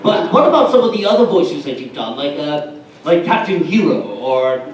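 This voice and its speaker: A man's voice: on the high side, sing-song, normal speed, slight background noise. A fan, a man, asking a question at a panel, hesitant and full of fillers. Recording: distant, echoey hall.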